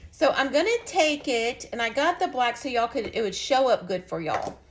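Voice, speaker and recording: A woman's voice: a little high, animated, normal speed, a little hiss or hum. A woman giving a casual, folksy craft lesson, chatting to viewers as she demonstrates. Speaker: craft instructor.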